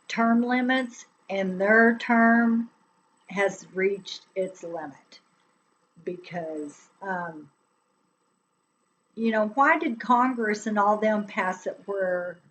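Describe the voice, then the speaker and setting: A woman's voice: mid-range voice, fairly bright tone, a little hiss or hum, poor audio. A woman chatting on a live stream, rambling and laughing often as she talks to her viewers. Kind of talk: casual political chat on a live stream.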